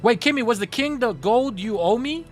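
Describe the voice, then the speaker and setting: A man's voice: extremely high pitch, lively intonation, moderate pace, soft background music. A man streaming live, chatting casually with his viewers and telling stories straight to chat. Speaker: gaming livestreamer.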